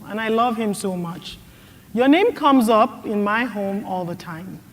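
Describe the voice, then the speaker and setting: Earnest woman speaking slowly in a hall. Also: a little high. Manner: earnest, storytelling with lively quoted asides. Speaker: guest speaker. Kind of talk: conference Q&A answer. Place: conference hall. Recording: hall reverb.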